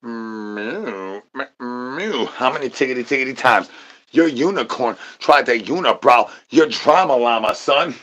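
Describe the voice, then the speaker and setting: A man's voice: mid-range voice, moderate pace, a bit bright. A man livestreaming, rambling nonsense to his chat in a sing-song patter, repeating rhyming filler syllables and catchphrases.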